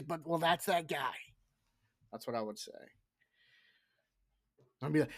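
A middle-aged man hosting a casual solo horror podcast, rambling and profane, dropping into hushed whispers for asides. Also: a little high, measured pace, pauses often. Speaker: podcast host.

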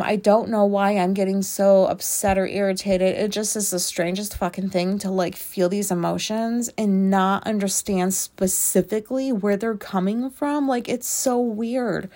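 A woman's voice: medium pitch, darkish tone. A woman hosting a casual solo podcast, talking in a rambling, self-questioning way and swearing freely as she thinks aloud. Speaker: podcast host.

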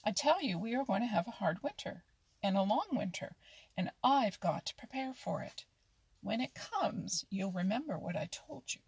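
Brief: an earnest, busy muskrat read by a woman, gravelly and husky. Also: mid-range voice, very animated, moderate pace, darkish tone, no echo, heavily acted, low-quality recording. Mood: firm. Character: busy, earnest male muskrat, sure of himself.

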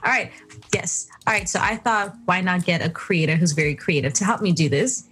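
A woman's voice: on the low side, brisk, a bit bright, soft background music. A young woman from South Africa hosting a podcast, animatedly telling a personal story and acting out her own thoughts. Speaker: podcast host. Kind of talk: casual storytelling.

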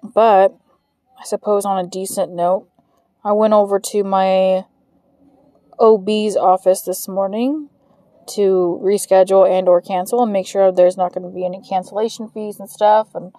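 A woman's voice: mid-range voice, flat delivery, normal speed, mellow, dry recording. A woman hosting a podcast, venting about work with frequent swearing. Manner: frustrated, heavy swearing, ranting. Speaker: podcast host. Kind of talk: venting monologue.

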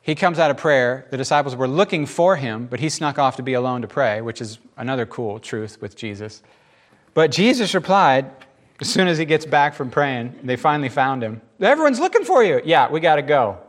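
A man preaching a casual sermon, animated and jokey, often acting out the voices in the scripture he reads. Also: medium pitch, moderate pace. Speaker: pastor.

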